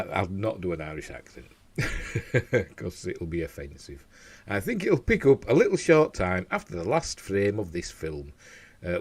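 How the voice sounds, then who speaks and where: Husky rambling man. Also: deep voice. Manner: rambling, chatty, trips over words. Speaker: host of a news show. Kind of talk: casual chat, reading out news.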